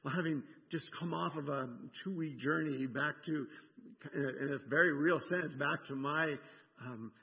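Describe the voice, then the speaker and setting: A man's voice: fairly high pitch, moderate pace. An older American man preaching a sermon, emphatic and repeating words as he explains scripture. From United States. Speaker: pastor. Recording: dull sound with long reverb in a hall.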